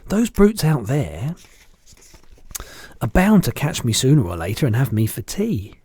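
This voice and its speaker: A man's voice: mid-range voice, wildly swooping pitch, measured pace, a little mellow, slightly rough, no echo, exaggerated voice. A man voicing a brave, plain-spoken little orphan girl in a storybook reading, in a matter-of-fact way.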